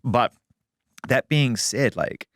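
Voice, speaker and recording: A middle-aged man hosting a studio interview, animated and swearing casually. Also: medium pitch, takes it slowly, vocal fry, no echo. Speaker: interview host.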